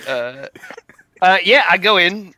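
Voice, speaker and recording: A man playing a tabletop game, joking with quick, sweary asides. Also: high voice, lively intonation, bright, forceful tone, slight background noise. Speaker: player. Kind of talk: casual tabletop game chat.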